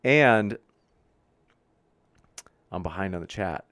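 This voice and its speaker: This man's voice sits low and is a bit bright, animated yet slow, captured on a dry recording. He hosts a debate livestream, reading viewer chat and cheerfully answering it while tripping over viewer names.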